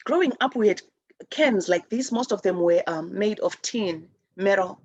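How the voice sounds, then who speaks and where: A woman's voice: medium pitch, animated, normal speed, highs cut off. A woman from Zimbabwe hosting a spiritual talk show, speaking earnestly and rambling with many restarts. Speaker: host.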